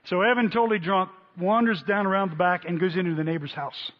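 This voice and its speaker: A man preaching a sermon, telling a story with lively acted-out quotes. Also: sits high, fast talker. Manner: animated storyteller, voices quotes loudly. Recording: dull sound in a long-reverb hall.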